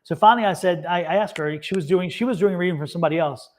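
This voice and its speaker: This man has a high voice and speaks very fast. Co-hosting a live tarot reading as the reader, he keeps the livestream chat casual, repeating himself and breaking into frequent laughter.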